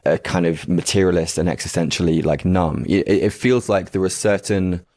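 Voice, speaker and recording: This is a man hosting a podcast with a very low, deep voice. He asks questions in a searching, hesitant way and leans on fillers. The sound is dry and close, with no room echo. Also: steady tone, moderate pace, darkish tone. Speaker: podcast host. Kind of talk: reflective interview questions.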